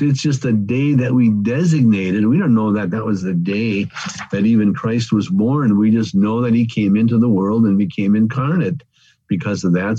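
Mellow-voiced male preacher, counting off points. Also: mid-range voice, slightly rough, no room sound, lo-fi sound. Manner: addresses listeners as friends, counts off points. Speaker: pastor. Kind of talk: sermon.

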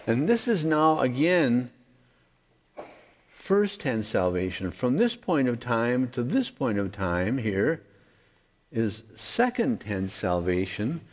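A male pastor delivers a verse-by-verse sermon, hammering home key words and pausing to ask his listeners if they follow. His mid-pitched voice rings with a long reverb tail from a large hall. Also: big pitch swings, darkish tone. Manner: emphatic, stresses key words, asks 'okay?'. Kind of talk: expository sermon. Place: church hall with overhead projector.

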